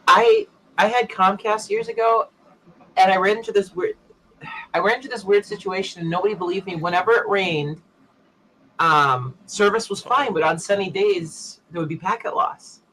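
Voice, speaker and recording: A man's voice: sits high, moderate pace, pushed and bright, slight background noise, rough recording. A man hosting a casual tech chat, telling a long anecdote and acting out the other people in it. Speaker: show host.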